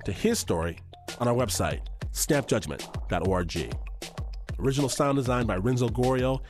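A man's voice: medium pitch, expressive, normal speed, music in the background. A man hosting a radio show, reading the outro and credits.

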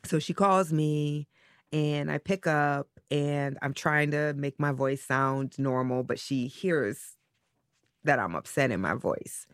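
A woman being interviewed as a parent, talking candidly and haltingly, often trailing off as she searches her feelings. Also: low voice, clear, resonant tone, no echo, clean studio sound.

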